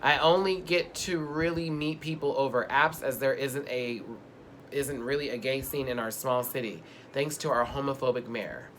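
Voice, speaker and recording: A man's voice: mid-range voice, moderate pace, fairly bright tone, slight background noise. A man co-hosting a casual chat show, playful and sassy, reading out viewer questions and joking along the way. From Houston. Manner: playful, sassy, drifts into put-on accents. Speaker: co-host.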